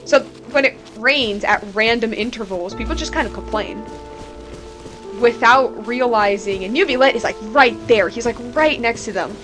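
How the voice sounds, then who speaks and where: A woman's voice: a little high, moderate pace, over music. A woman streamer talking casually about a game, rambling and candid, filling her talk with "like". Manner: rambling and candid, heavy with "like" fillers.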